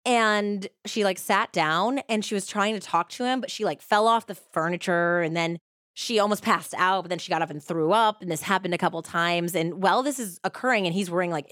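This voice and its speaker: Woman podcast host, casual storyteller, slightly low pitch, dry close sound. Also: a little fast, a bit bright, dry recording. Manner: chatty, lots of "like" fillers. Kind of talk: casual true-crime storytelling.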